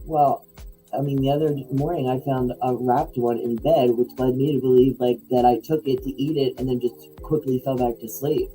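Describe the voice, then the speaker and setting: A woman's voice: very deep voice, steady tone, normal speed, dark tone, soft background music, poor audio. A middle-aged woman co-hosting a podcast in casual chat, rambling with lots of likes and restarts. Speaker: podcast co-host.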